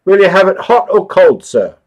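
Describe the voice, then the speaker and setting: A man's voice: high-pitched, sing-song, normal speed, pitched above the performer's own voice. A man voicing a friendly, hospitable woman offering porridge in a storybook reading. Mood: kindly. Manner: warm and obliging.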